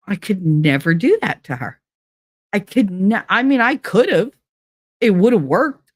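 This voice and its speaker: A woman's voice: mid-range voice, big pitch swings, measured pace, dry recording, studio quality. A woman hosting a podcast in casual talk, blunt and sarcastic, swearing freely and mimicking others in mocking voices. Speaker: podcast host. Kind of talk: casual monologue reading viewer comments.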